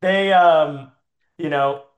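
Man, higher pitch, rambling improv storyteller, lots of fillers, roomy echo. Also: very slow. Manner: rambling with frequent "like" fillers and laughs.

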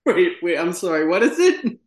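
A man's voice: high-pitched, very animated, moderate pace. A man co-hosting a podcast, interrupting a story with confused questions in casual comedy banter. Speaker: podcast co-host.

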